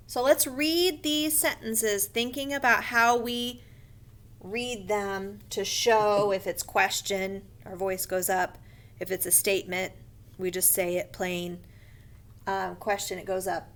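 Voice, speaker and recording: This is an online grammar lesson for first grade, recorded with a woman teaching slowly and patiently. She sometimes lifts her pitch to show what an excited sentence sounds like and now and then whispers a brief note to herself.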